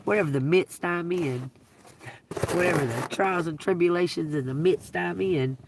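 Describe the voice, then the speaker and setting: A woman telling profane, laughing stories on a casual livestream, breaking into loud outbursts. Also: fairly low pitch, normal speed, recorded from a distance, background noise. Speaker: livestream host. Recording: dry, from away from the mic.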